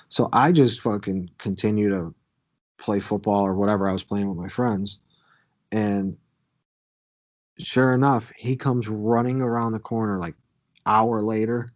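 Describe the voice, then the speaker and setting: A man's voice: lowish voice, measured pace, long pauses. Crude storytelling man on lo-fi audio. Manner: crude, swearing, animated storyteller. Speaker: podcast co-host. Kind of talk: casual storytelling.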